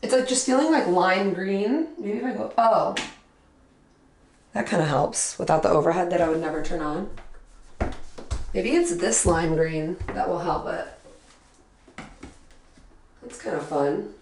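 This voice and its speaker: A woman's voice: fairly low pitch, lively intonation, a little slow, pauses often, darkish tone, echoey room. Young woman, casual home vlogger, rambly filler-heavy chat, light hiss behind. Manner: rambling and thinking aloud, many fillers. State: out of breath. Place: indoors at home.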